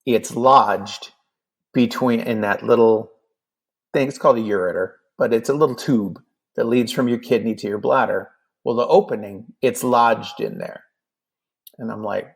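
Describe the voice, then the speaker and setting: A man's voice: medium pitch, normal speed, gravelly, slightly rough. A man in his fifties telling a personal story in casual talk, acting out the dialogue with lots of fillers. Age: 50s. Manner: animated, acts out dialogue with many fillers. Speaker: podcast guest.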